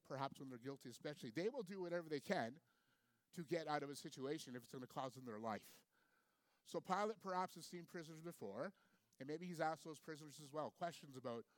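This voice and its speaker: A man's voice: a little high, no room sound. Man preaching with a dry, close sound. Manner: reflective, asks the listeners questions. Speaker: pastor. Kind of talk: sermon with scripture reading.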